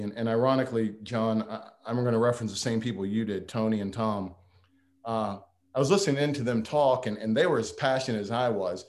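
A man's voice: mid-range voice, darkish tone. A man giving a humorous, folksy farewell speech to a board, self-deprecating and prone to restarts.

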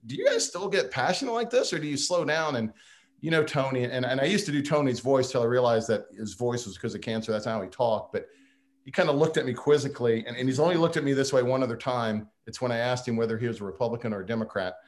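A man's voice: mid-range voice, quick pace. A man giving a humorous, folksy farewell speech to a board, self-deprecating and prone to restarts.

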